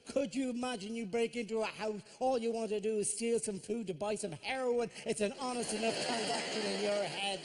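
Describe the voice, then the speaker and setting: An Irish man performing a live stand-up comedy routine on a theater stage, talking to the audience in an animated way and dropping into character voices. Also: sits high, a little fast, vocal fry, hardly any pauses. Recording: noisy live show recording.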